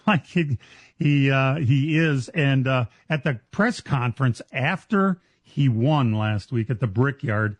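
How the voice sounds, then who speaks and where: A man hosting a racing talk radio show, chatting casually and excitedly with frequent laughs and restarts. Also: medium pitch, slow, no echo.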